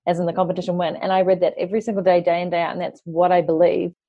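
A woman interviewer sharing a personal story in casual conversation, quick and earnest. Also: lowish voice, little pitch movement, no echo. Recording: dull lo-fi recording.

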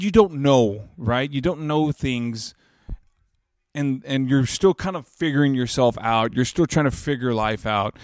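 A man's voice: medium pitch, dry recording, studio quality. A man in his thirties telling an emotional personal story in an earnest, reflective way, rambling with many restarts and growing more emphatic as he makes his points. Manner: grows louder and more emphatic when making a point.

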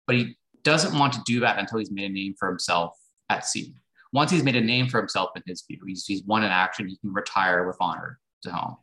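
A man's voice: lowish voice, sharp tone, low-quality recording. A man, a guest historian and author, explaining history conversationally with many fillers and restarts.

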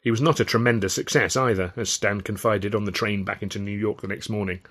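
Low-voiced man reading his novel. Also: fairly even intonation, fast talker, fairly bright tone. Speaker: author and reader. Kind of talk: scripted first-person narration of a novel.

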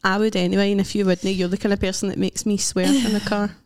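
A young woman with a Scottish accent, co-hosting a podcast and telling animated stories with frequent laughter. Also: mid-range voice, quick pace. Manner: animated storyteller, laughs often. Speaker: podcast co-host. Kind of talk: casual chat.

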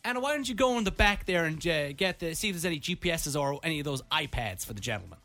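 An Irish man voicing a brisk, matter-of-fact woman who is a senior rental clerk. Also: a little high, lively intonation, pushed and bright, faint music behind.

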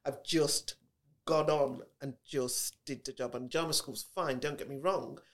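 A woman's voice: a bass voice, fairly even intonation, a little slow. A middle-aged woman with a Birmingham accent, chatting animatedly as an interview guest. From Birmingham, England. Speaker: guest actress. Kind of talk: casual interview chat. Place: podcast recording venue.

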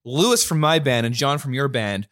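A man's voice: medium pitch, moderate pace, dry recording, studio quality. A man hosting a podcast in casual chat, laughing often as he tells stories. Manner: laughs often, relaxed storyteller. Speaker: podcast host.

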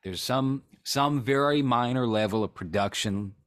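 A man's voice: medium pitch, unhurried. A man co-hosting a casual chat, reacting to a video with dry sarcasm. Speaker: podcast co-host.

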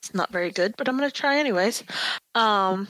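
A woman playing a tabletop game, lively and giggly as she talks through her moves. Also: medium pitch, a little fast, dry recording, low-quality recording. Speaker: player. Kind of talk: casual tabletop play.

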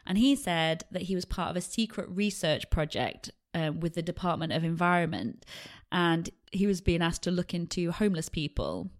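A woman with a fairly low voice co-hosts a podcast. She tells a true-crime story in a chatty, easygoing way and acts out the quotes as she goes. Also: lively intonation, moderate pace, hardly any pauses. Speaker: podcast co-host.

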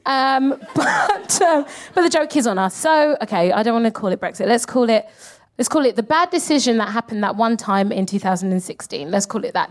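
A woman, co-hosting a live comedy podcast in an animated, sweary style and slipping into mocking impressions. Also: on the high side. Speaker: co-host. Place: live stage before an audience.

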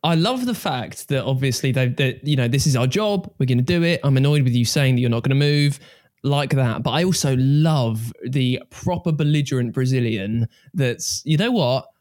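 A young man hosting a podcast in casual chat, teasing the others and quick to butt in. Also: mid-range voice, a little mellow, no room sound, clean studio sound. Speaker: podcast host.

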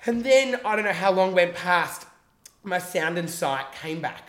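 A man telling a long personal story in casual chat on a podcast. He is animated and swears freely, and he acts out the quotes in his story. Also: high voice, unhurried, roomy sound.

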